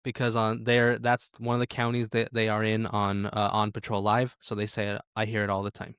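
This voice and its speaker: A man in his thirties co-hosting a podcast, telling a family story in a relaxed, conversational way. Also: lowish voice, brisk, smooth, no room sound, clean studio sound. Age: 30s. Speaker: podcast co-host. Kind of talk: casual chat.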